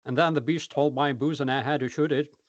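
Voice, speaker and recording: A man's voice: medium pitch, fairly even intonation, fast talker, no echo, lo-fi sound, close to an everyday voice. A man putting on a rowdy Texan farmer drawl. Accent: Texan, put on.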